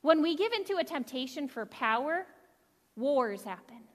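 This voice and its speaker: A woman pastor preaching a sermon with energetic, earnest delivery and quick restarts. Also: sits high. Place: church sanctuary. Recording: long reverb of a church hall.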